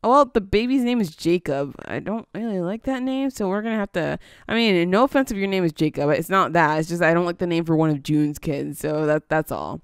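A woman's voice: fairly low pitch, fairly quick, hardly any pauses, smooth, no room sound, studio quality. A woman giving casual let's-play commentary, chatty and easily surprised, coaxing her game character along. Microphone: headphones on, desk mic.

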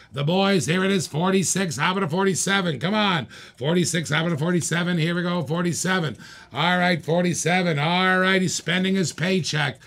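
A man runs a live online auction, calling out bids again and again and urging the bidders to raise. His voice sits a little high for a man and has a gravelly, fried edge. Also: a bit bright. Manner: rapid repetitive bid calling, hyping bidders. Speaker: auctioneer host.

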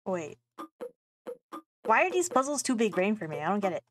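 A woman's voice: medium pitch, big pitch swings, normal speed, faint music behind. A young woman playing a game, reading its texts aloud and reacting with casual, laughing, swearing commentary. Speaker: gaming streamer. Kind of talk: casual let's play commentary.

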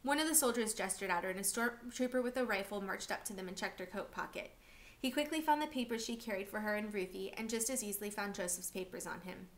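A woman reading a novel aloud for a class, steady and expressive. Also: medium pitch, quick pace.

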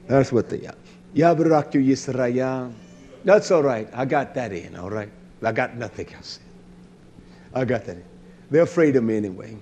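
A man preaching a sermon to his congregation, blunt and combative, with slangy talk that drops to low mutters and rises to loud outbursts. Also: slight background noise. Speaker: congregation leader.

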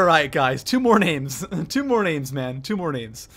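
Excitable, high-voiced male game streamer. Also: measured pace, few pauses. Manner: excitable, thanks viewers by name between frantic gameplay reactions. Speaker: livestreamer. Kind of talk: live gameplay commentary.

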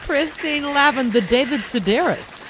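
A woman's voice: high voice, expressive, moderate pace. A woman hosting an online show, chatting enthusiastically with her guest. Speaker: host. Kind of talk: casual chat. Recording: loud background noise, distant mic.

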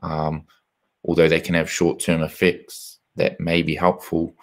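A very deep-voiced man hosts a casual live chat, and his delivery is flat and even. He reflects slowly, with many ums along the way. He is talking over a video call. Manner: reflective, measured, many fillers. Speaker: host, former rugby player.

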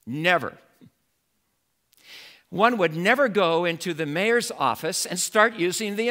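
Male pastor preaching, high lively voice, bright and punchy, gets really animated. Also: unhurried, long pauses. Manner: animated, rising to emphatic exclamations. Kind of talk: sermon.

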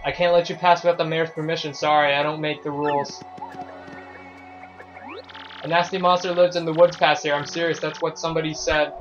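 A man voicing a male gate guard who briskly refuses passage. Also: a little high, little pitch movement, muffled recording, over music, lightly acted.

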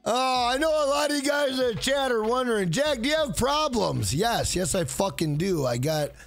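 High-voiced, profane man on livestream. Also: big pitch swings, moderate pace, vocal fry, soft background music. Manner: loud, profane, joking, reads chat aloud. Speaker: livestream host. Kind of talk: casual livestream chat.

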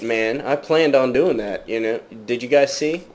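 A man's voice: mid-range voice, moderate pace, few pauses. A man giving let's play commentary in a jokey mock British accent, chatting to viewers and yelping at sudden threats in the game. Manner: startled yelps and exclamations at game threats; talks to viewers as "guys". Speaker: gaming channel host.

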